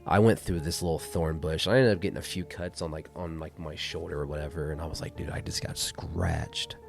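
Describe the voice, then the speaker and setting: A man's voice: very deep voice, fairly even intonation, quick pace, music in the background. A man co-hosting a podcast, telling ghost stories in a rambling, profane, casual way that often trails off into a mumble. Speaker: podcast co-host. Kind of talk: casual chat.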